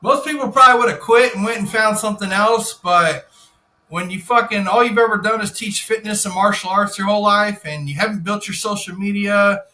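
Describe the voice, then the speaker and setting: A young man with a high, bright voice tells a story on a podcast. He swears a lot, acts out each character, and sounds animated. The room is echoey. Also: a little fast. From Florida. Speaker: podcast guest, insurance salesman. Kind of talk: casual storytelling.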